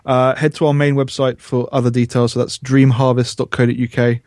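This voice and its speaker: A man appearing as a guest game developer, talking in a relaxed, casual way. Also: medium pitch, brisk, dry recording, clean studio sound. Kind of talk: casual chat.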